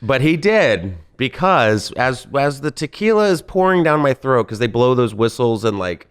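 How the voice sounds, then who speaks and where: A man telling a personal story in casual chat, animated and acting out other people's lines. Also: mid-range voice, moderate pace, clear, resonant tone. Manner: animated storyteller, acts out voices in quotes. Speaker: guest comedian.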